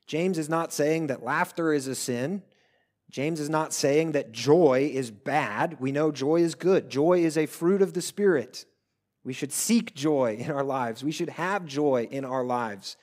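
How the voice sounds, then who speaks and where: Male preacher, earnest sermon, unhurried and measured, voice pitched high. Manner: earnest preaching, swells loud then drops to hushed pleas. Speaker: pastor.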